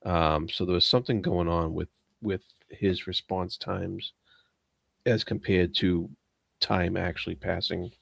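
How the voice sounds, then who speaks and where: A very deep-voiced man talks his way through a book discussion, rambling and hesitant and full of fillers. He laughs at himself as he goes. The recording is dry and close. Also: fairly even intonation, measured pace, gravelly, fairly bright tone, no room sound. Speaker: book club member.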